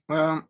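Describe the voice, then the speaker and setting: A man hosting a casual live stream, calling a snooker match in a chatty, rambling, self-deprecating way with lots of filler pauses. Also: fairly bright tone. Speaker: YouTube live-stream host.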